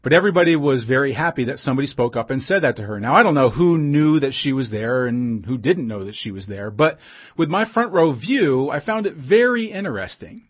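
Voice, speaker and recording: A man telling a personal anecdote in a relaxed conversational way, with asides and fillers. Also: mid-range voice, fairly quick, slightly rough, highs cut off. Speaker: storyteller.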